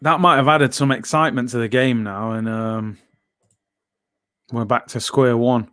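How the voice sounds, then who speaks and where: A man's voice: medium pitch, steady tone, unhurried, a bit bright, dry recording, clean studio sound. A man hosting a live football watchalong, chatting casually in slang and reading out chat messages.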